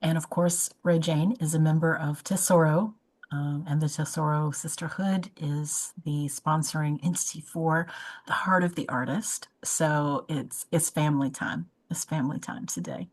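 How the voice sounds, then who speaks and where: Woman, host, low voice, effusive, chatty, casual interview. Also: steady tone, moderate pace, rough recording. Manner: effusive, chatty, with frequent restarts and fillers. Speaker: podcast host.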